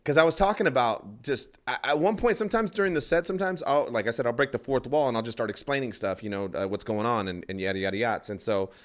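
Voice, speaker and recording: Fast-talking man telling a rambling story. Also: medium pitch. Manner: rambling, acts out other people's lines, swears freely. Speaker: stand-up comedian guest. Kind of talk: casual storytelling on a podcast.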